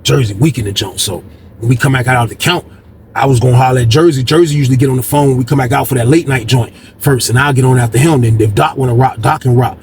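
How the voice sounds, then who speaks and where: A man casually telling a story from jail life, animated and slangy, repeating words for emphasis. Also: medium pitch, quick pace, a little hiss or hum.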